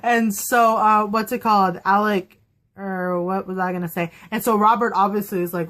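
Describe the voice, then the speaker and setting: A young woman chatting casually on her vlog, excitable and quick to laugh, acting out quotes as she goes. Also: medium pitch. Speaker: vlogger reviewing a TV episode. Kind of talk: casual chat.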